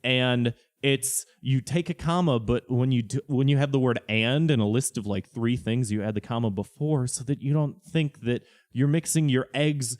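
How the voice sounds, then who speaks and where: A man's voice: medium pitch, moderate pace, few pauses, a little mellow. A man co-hosting a comedy podcast, chatting casually and ranting with mock-condescending asides. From Chicago area. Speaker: podcast co-host.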